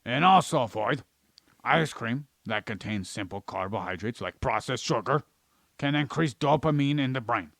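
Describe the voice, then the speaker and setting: A man's voice: medium pitch, lively intonation, moderate pace, gravelly, a bit bright, no echo. A man co-hosting a podcast, ranting and lecturing about science with plenty of swearing while playing an alien character in his ordinary voice. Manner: plays an alien persona in an ordinary voice. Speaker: podcast co-host. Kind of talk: rambling comedic science chat.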